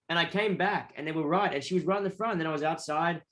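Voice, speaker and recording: Australian man, guest musician, animated storyteller, slightly high voice, swears casually. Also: racing, few pauses. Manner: animated, acts out other people's voices.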